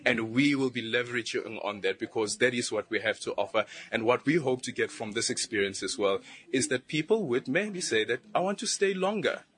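A man's voice: medium pitch, a little fast, fairly bright tone. A man, a government official, answering a news interviewer about tourism in an upbeat, promotional way. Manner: upbeat, promotional, fluent with fillers.

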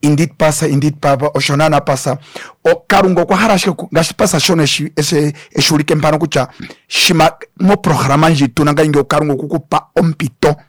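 A man's voice: fairly high pitch, steady tone, fast, no room sound. A man speaking as a guest pastor in a radio studio, preaching fervently to the listeners. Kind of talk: radio ministry broadcast.

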